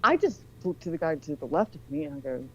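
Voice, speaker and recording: A woman's voice: sits low, quick pace, breathy edge, highs cut off. A woman in her forties telling a long rambling story in casual chat, swearing often. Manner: rambling, profane, animated storyteller.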